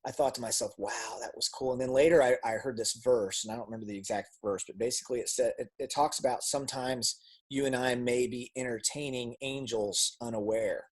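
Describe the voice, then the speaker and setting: A man giving a personal testimony as a guest speaker, telling a story with lively acted-out dialogue and frequent repeated words. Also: medium pitch, a little fast, husky. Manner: animated storytelling, acts out dialogue; repeats words when restarting.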